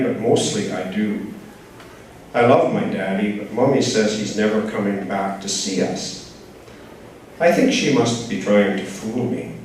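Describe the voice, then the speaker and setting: A man reading his own short story aloud at a writers' group, in a measured, plain storytelling manner. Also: lowish voice, darkish tone. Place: writers' group reading, large echoey room. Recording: very echoey room, from far off, faint noise.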